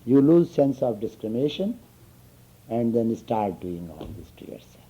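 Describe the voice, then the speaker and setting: A man's voice: medium pitch, very animated, normal speed, husky. A man giving an informal spiritual talk to students, telling stories and often asking if they understand. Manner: storytelling, chuckling, asks listeners "you understand?". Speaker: spiritual teacher. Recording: dull lo-fi recording.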